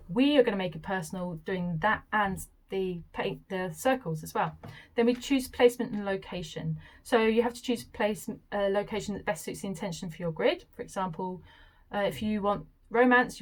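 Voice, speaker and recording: Brief: young woman, crafty vlogger, mid-pitched, eager and chatty with gushing asides. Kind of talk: casual explainer talk.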